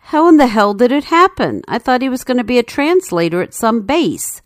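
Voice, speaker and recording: A woman's voice: fairly high pitch, sing-song, moderate pace, no room sound, studio quality, pitched above the performer's own voice. A woman voicing a grown man reacting with shock to a friend's death, her questions raised and urgent. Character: shaken grown man hearing a friend died.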